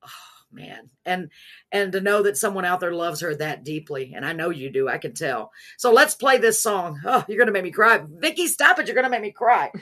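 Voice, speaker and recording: Give me a woman podcast host with a bright, forceful voice, gushing and emotional as she chats, folksy and quick to thank God. She calls her listeners "y'all" and reacts warmly to every story. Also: fairly low pitch, lively intonation. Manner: effusive and emotional, often praising God. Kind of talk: casual interview chat.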